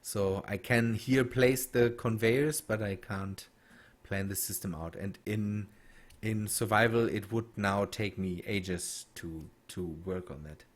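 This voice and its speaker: A man streaming a game and chatting with viewers, halting and restarting as he reads chat. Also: lowish voice. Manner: halting, many restarts and fillers while reading chat. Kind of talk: casual gameplay stream chat.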